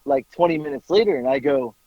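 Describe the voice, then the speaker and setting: A man on a podcast telling a casual story, animated, acting out bits of dialogue and swearing casually. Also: medium pitch, fast, dull audio, slight background noise. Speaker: podcast co-host.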